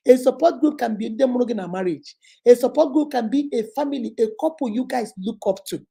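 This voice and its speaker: A slightly high, warm voice, creaky and husky, comes from a middle-aged woman with a Nigerian accent who speaks a little fast. As host of a talk video, she delivers relationship advice with earnest emphasis and occasional Igbo phrases.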